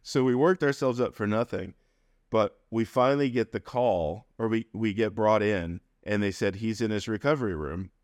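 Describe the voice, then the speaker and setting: A man telling a personal story as an interview guest, animated and acting out the people in it. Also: fairly low pitch, normal speed, dry recording, studio quality. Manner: animated, acts out quoted voices.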